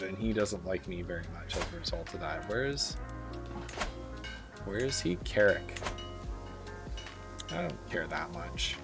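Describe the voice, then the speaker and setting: A man's voice: sits low, expressive, unhurried, vocal fry, pauses often, over music. A man streaming a strategy game live, reading its event text aloud and dropping wry asides to his chat. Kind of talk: live gameplay commentary.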